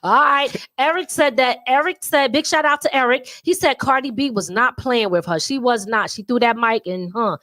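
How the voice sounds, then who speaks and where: A woman co-hosting a casual podcast, her voice sitting high. She talks to her viewers directly in an animated, playful way and keeps breaking into laughter. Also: normal speed, hardly any pauses. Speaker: co-host of a podcast. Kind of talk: casual chat to a live audience.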